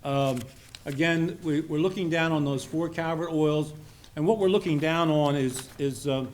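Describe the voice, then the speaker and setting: A man's voice: fairly high pitch, moderate pace, a little hiss or hum. Older man giving a folksy speech. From Maryland. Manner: rambling, folksy, with many fillers and restarts. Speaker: speaker at a society meeting. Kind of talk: informal after-dinner speech.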